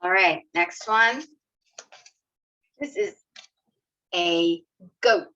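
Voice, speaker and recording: A woman teaching young children letter sounds in an online lesson, slow and encouraging, sounding out each letter. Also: lowish voice, animated, sharp tone. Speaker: kindergarten teacher. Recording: slightly dull lo-fi video audio.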